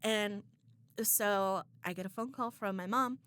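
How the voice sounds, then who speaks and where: A woman's voice: mid-range voice, measured pace, a bit bright, clear, resonant tone. Candid young woman telling a story. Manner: candid, emotional retelling with quoted dialogue. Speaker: podcast co-host. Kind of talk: casual chat, storytelling.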